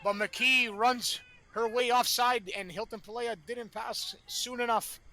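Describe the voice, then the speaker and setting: A man calling a live match play-by-play, excitable and rising to shouts at big chances, with colorful catchphrases. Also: very high voice, measured pace, vocal fry. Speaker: play-by-play commentator. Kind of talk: live sports commentary.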